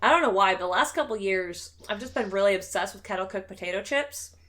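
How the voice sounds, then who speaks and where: A woman's voice: medium pitch, animated, fast talker, fairly bright tone. A woman hosting a casual chat show, talking in a chatty, joking way and swearing casually. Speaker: streamer and show host.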